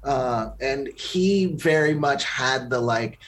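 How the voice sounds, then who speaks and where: A man co-hosting a casual film review chat, giving blunt, critical opinions in quick bursts. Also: mid-range voice, fairly bright tone. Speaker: podcast co-host.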